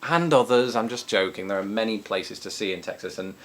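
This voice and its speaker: A man's voice: fairly low pitch, brisk. An Englishman with an English accent, chatting casually as a vlogger answering viewer questions, with many ums and restarts. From England. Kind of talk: casual chat. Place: home in Chicago.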